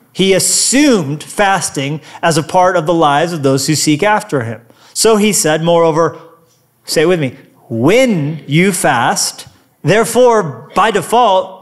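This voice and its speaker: A male pastor with a high voice delivers a sermon in an energetic, playful way. He throws in quick asides and prompts the congregation to answer back. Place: church auditorium.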